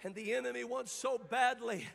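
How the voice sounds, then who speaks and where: A man delivers a fervent sermon in a strikingly high, bright voice. He moves from low, quiet talk to ringing shouts and half-sung cries, and the sound carries a long reverb as in a large hall. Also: moderate pace, vocal fry. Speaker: preacher.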